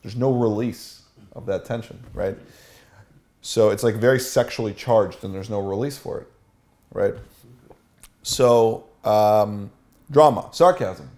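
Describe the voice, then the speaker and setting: A man's voice: lowish voice, a little slow, long pauses, a little mellow. A man teaching a seminar as a dating coach, asking the room questions and acting out example lines.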